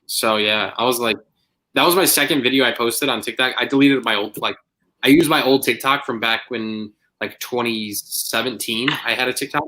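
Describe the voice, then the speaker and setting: A young man hosting a live stream, chatting in a relaxed, easygoing way with a few hesitations. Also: medium pitch, normal speed, low-quality recording. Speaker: channel host. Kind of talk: casual chat.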